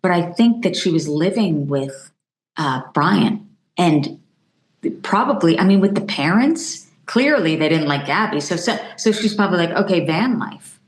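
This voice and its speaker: Middle-aged woman journalist guest, lively anecdotal delivery, lowish voice, roomy echo. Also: normal speed. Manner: animated storytelling, acts out quoted voices. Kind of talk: conversational podcast interview.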